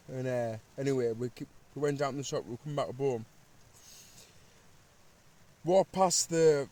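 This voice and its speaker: A man, speaking at a slightly high pitch. He chats casually inside a small camping tent and tells lively stories full of local slang. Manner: chatty, animated anecdotes with local slang. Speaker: vlogger. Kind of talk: casual chat and storytelling.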